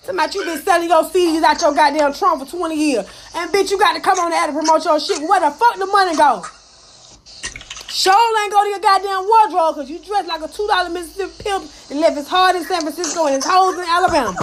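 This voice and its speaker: A woman with a very high voice talks fast over a slight hiss or hum, speaking into her phone in a live audio chat room. She tells stories and rants bluntly, heated and animated, with heavy cursing and acted-out quotes in this casual profane chat.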